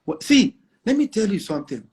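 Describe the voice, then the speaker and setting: A man's voice: sits high, very animated, a little fast, darkish tone, husky. A middle-aged Nigerian man with a Nigerian accent, talking casually as an interview guest, boastful and emphatic, mixing in pidgin. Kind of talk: casual chat.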